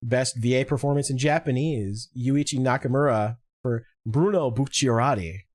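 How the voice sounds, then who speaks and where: Guy hosting a podcast, lively, cusses a lot, dry close sound. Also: mid-range voice, moderate pace, no echo. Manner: animated, swearing, goes through a list of awards. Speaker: podcast host. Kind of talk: casual chat.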